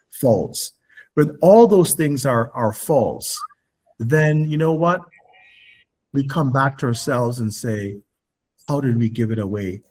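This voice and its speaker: A man in an interview pressing his argument with emphasis, circling back on words as he builds a point. His voice sits at an ordinary middle pitch, and he sometimes acts out pointed questions in a raised voice. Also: darkish tone, slightly rough. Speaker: guest. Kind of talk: interview conversation.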